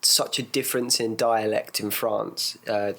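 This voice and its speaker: A man's voice: lowish voice, steady tone, a little slow, vocal fry, fairly bright tone. A man co-hosting a casual podcast chat, asking curious questions and chipping in with short remarks. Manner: chatty, curious, asks questions and chips in. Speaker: podcast co-host.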